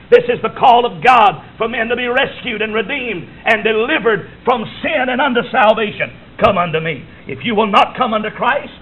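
Fervent high-voiced preacher. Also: male voice, highs cut off, slight background noise. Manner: fervent, swings from hushed to shouting. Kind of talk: sermon. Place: church sanctuary.

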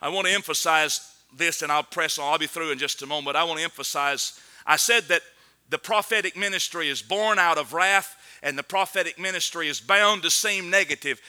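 A man delivers a sermon in a high, strikingly bright voice. He preaches with earnest conviction, building to loud, emphatic peaks and then dropping low and quiet. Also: a little fast, clear, resonant tone.

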